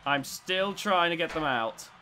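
A man giving excitable commentary as he plays a robot combat video game, swinging between tense muttering and loud cheering. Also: on the high side, a little slow, soft background music. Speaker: gaming YouTuber.

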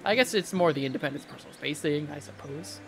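A man's voice: on the high side, lively intonation, quick pace, a bit bright, a little hiss or hum. A young man casually chatting and rambling with stammered restarts while streaming a game. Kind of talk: casual gameplay commentary. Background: game music.

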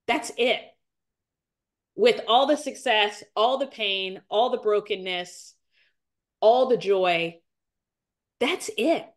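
A woman's voice: takes it slowly, pauses often. A woman in her forties giving an earnest, emotional faith testimony as a podcast guest, close to tears and repeating her phrases. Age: 40s. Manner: earnest, repeats phrases, rises in pitch as she grows tearful. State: near tears.

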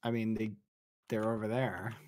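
A man giving a rambling tour during a game role-play. He talks haltingly with many fillers and breaks into high, shocked yelps when flustered. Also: little pitch movement, darkish tone. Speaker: streamer showing his base. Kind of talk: casual role-play chat while gaming.

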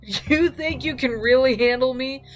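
A woman's voice: high voice, a little slow, faint music behind, voice pushed up. A woman voicing a scornful young man who taunts and threatens. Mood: sneering. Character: sneering young male bully.

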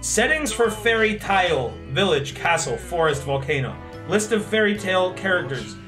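A man's voice: high voice, animated, moderate pace, music in the background. A young man on a stream, reading his old school story aloud and laughing at it. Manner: amused, laughing often.

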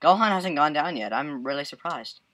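Excitable male let's-play commentator with a bright, sharp tone; yelps, laughs and hums while he plays. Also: on the high side, normal speed. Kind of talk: casual gameplay commentary.

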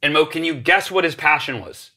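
A man in his forties, a podcast guest telling an animated story and acting out the voices of the people in it. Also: on the high side, a little fast. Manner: acts out voices in his stories, energetic.

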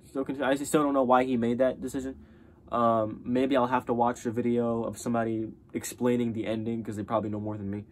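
A man's voice: mid-range voice, level tone, fast talker, darkish tone, slight background noise. A young man giving a casual spoken review of a TV show, rambling with many fillers and restarts.

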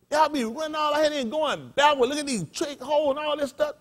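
A man, a pastor, preaching a sermon through folksy personal stories, shouting and laughing as he goes. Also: extremely high pitch, sing-song, fairly quick. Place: congregation hall.

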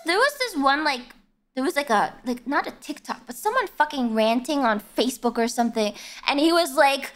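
A young adult woman streamer in casual livestream chat, ranting bluntly and swearing freely, with sudden animated yelps. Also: high voice.

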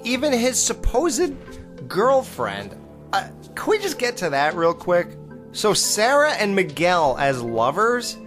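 A man's voice: medium pitch, a bit bright. A man in a casual horror-film review monologue, blunt and profane, exclaiming and mocking the characters. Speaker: podcast host reviewing horror films.

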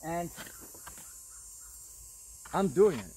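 A man's voice: on the high side, animated, extremely slow, dark tone, far from the mic, slight background noise, poor audio. A man walking through his vegetable garden, talking casually to viewers and drifting into preachy warnings, calling them folks. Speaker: vlogger gardener. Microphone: camera on tripod outdoors.

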